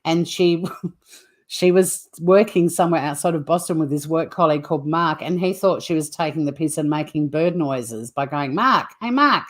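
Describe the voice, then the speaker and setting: A woman's voice: low voice, moderate pace, darkish tone. A woman hosting a livestream, rambling in casual chat with viewers and swearing freely. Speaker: livestream host.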